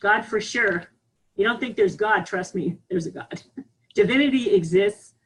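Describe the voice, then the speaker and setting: A woman giving a candid, animated spiritual talk on a live group call, laughing often. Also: medium pitch, measured pace, slight background noise, rough recording. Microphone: online group call.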